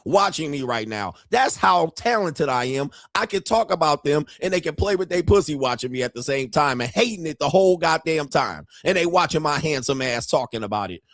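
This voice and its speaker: A middle-aged man rants as the host of his own online show, crude and full of swagger. His voice sits high for a man and sounds dry, with no room around it. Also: lively intonation, a little fast, hardly any pauses, fairly bright tone, no echo. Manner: brash, profane and boastful, laughs at his own jokes. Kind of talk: ranting commentary.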